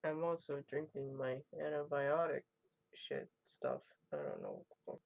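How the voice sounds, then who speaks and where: Low gravelly stuffy-nosed sick woman. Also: wildly swooping pitch, moderate pace, dry recording. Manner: swears a lot, complaining. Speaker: player. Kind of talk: casual chat before a tabletop game. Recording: dull lo-fi mic.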